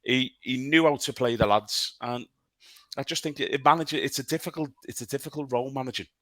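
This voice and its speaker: A man who used to play professionally tells long, sweary stories. His pitch sits in the middle for a man. The recording is close and dry. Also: a little fast, a bit bright, no echo. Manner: swearing, rambling anecdotes. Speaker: podcast co-host, former player. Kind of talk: casual chat.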